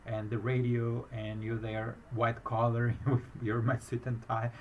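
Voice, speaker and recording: A non-native English speaker tells a personal story in a halting, rambling flow full of restarts. His voice sits at an ordinary pitch. The recording is a little muffled, with faint noise behind him. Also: completely flat delivery. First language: not English, speaks with a foreign accent. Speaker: business owner recounting a fraud case. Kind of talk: emotional personal account.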